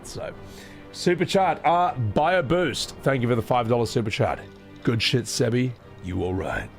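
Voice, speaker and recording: A young man streaming a game, talking casually in a rambling, profane, animated way. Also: mid-range voice, unhurried, soft background music. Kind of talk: casual gameplay reaction stream.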